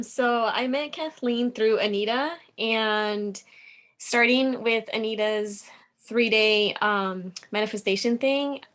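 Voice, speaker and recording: A woman's voice: medium pitch, a bit bright. A woman guest on a podcast call, sharing her personal story in a chatty, earnest way with lots of "like" fillers. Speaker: guest, program member. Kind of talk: casual personal testimony.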